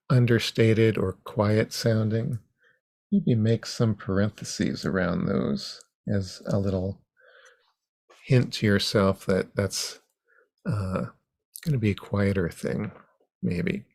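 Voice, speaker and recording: A man teaching an online comics workshop over a video call, unhurried and halting, with frequent ums. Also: lowish voice, creaky, a little mellow, dry recording.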